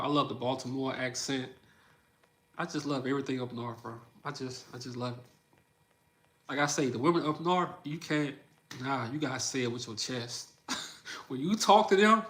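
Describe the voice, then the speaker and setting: A young man with a New Orleans Southern accent, chatting casually on a livestream, answering comments and telling stories with frequent laughter. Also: mid-range voice. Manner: laughing often, animated storytelling. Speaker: livestream host.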